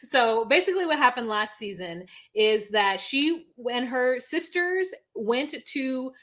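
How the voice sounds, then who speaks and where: A woman's voice: fairly high pitch, animated, unhurried, fairly bright tone. Blunt, laughing woman co-host. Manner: blunt, swears casually, laughs easily. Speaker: podcast co-host. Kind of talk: casual chat about reality TV.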